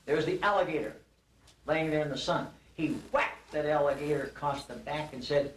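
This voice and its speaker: Recorded from afar in a roomy banquet hall, an older man with a fairly high voice speaks at a moderate pace. Accepting an award, he tells a folksy animal joke as a story during his after-dinner speech.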